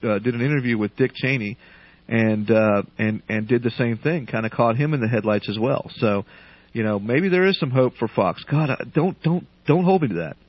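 A man hosting a call-in radio talk show, relaxed and chatty, with frequent restarts and light puns. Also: mid-range voice, moderate pace, no room sound. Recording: dull lo-fi radio broadcast.

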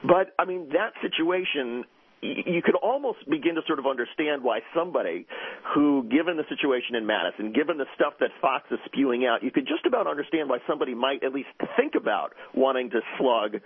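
A man who is a guest journalist on a radio talk show, telling stories in a rapid, animated way with frequent restarts. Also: medium pitch, slightly rough, no echo. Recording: dull, dry radio audio.

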